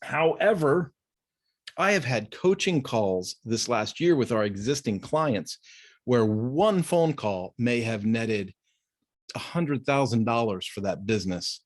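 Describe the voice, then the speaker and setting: A man's voice: medium pitch, animated, measured pace. A man hosting a business talk, recorded over a video call, chatting casually and telling a story with lots of restarts. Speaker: business podcast host.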